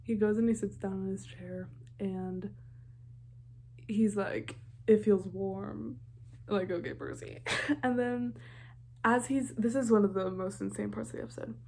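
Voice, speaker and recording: Gushing young woman with a mellow voice. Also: medium pitch, fairly even intonation, moderate pace, pauses often, slight background noise. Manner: gushing, heavy on filler "like". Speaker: TV reaction vlogger. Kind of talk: casual reaction commentary.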